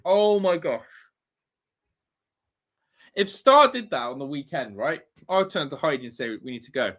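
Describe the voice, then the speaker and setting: A man's voice: on the high side, very animated, unhurried, a bit bright. A man hosting a live football watch-along, ranting and swearing in exasperation at his team. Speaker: fan channel host.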